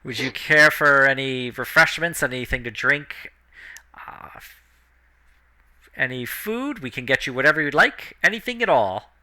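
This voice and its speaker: A man voicing an attentive male hotel attendant who speaks in a smooth, accommodating way. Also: mid-range voice, lively intonation, moderate pace, bright, forceful tone.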